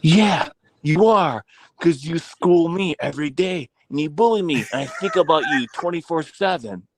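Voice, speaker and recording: A man's voice: on the high side, lively intonation, normal speed, dry recording, rough recording. A man playing a jealous online rival who whines out sulky threats, without attempting an accent. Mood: whiny menace. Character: jealous small-time male online rival making threats.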